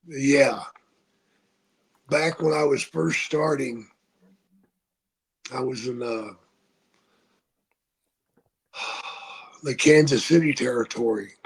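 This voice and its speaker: An older man, a retired wrestler, telling profane stories in a casual podcast chat. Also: medium pitch. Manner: slow, gravelly, profane storytelling.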